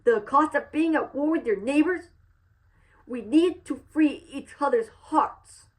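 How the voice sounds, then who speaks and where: This is a stubborn middle-aged small-town sheriff, as a woman puts him on in a film review, pleading earnestly with his neighbors. The voice sits well above her own, pushed up in pitch and a bit louder. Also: unhurried.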